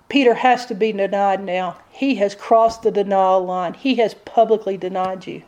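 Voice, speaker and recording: A woman's voice: mid-range voice, fairly even intonation, moderate pace, hardly any pauses, a little mellow. A woman preacher delivering a sermon, telling a Bible story with earnest, dramatic storytelling.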